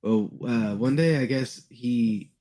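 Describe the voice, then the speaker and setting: A man co-hosting a podcast in casual chat, speaking haltingly with many fillers. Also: mid-range voice, mellow. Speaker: podcast co-host.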